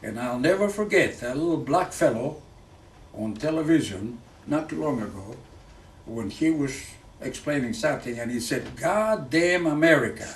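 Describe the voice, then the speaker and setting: A man, a former pilot giving a speech. He talks in halting phrases full of fillers and restarts. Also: mid-range voice, animated, a little hiss or hum. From Greece. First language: Greek. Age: 90s. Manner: halting, with many fillers and restarts, earnest and patriotic. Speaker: guest speaker, retired fighter pilot. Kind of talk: speech to an audience. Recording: echoey room picked up from far off.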